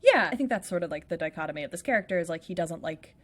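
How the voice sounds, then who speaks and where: A woman with a lowish, lively voice races through a casual recap of a play as a podcast co-host, playful and chatty, saying "like" constantly.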